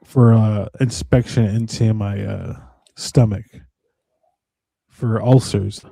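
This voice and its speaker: Laid-back man with a mellow, dry voice. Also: fairly low pitch, fairly even intonation, slow, gravelly, breathy edge, no room sound. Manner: profane, laid-back, says "dude". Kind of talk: casual chat.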